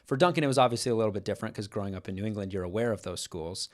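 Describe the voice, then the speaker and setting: A man's voice: lowish voice, very fast. A young man from Kansas co-hosting a podcast, speaking in an earnest, reflective way with frequent restarts. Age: young adult. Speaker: podcast co-host. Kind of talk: casual podcast chat.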